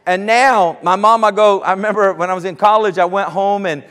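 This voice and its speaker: A man's voice: high voice, steady tone, a little fast, a bit bright, clean tone, long reverb tail. A male preacher giving a sermon, telling homely stories and building to fervent declarations. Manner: folksy storytelling, rising to fervent declarations.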